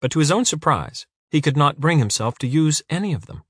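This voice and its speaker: A man narrating an audiobook in a measured, even storytelling voice. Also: a little high, slightly rough, dry recording, clean studio sound. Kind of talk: scripted narration.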